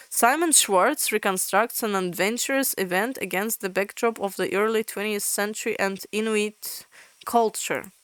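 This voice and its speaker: Expressive woman streamer, dry close sound. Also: a little high, clear, resonant tone, no echo. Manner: expressive, stumbles while reading aloud. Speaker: VTuber streamer. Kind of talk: reading and reacting to comic blurbs.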